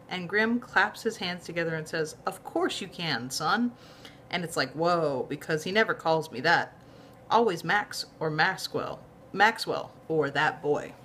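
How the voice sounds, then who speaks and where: A woman casually reading a novel aloud in a lively, conversational way. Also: fairly low pitch, a little hiss or hum. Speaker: reader of a novel.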